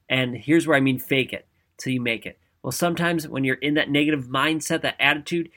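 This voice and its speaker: A man giving an energetic, conversational motivational talk, often checking in with "right?". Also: medium pitch, fairly quick. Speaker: motivational speaker.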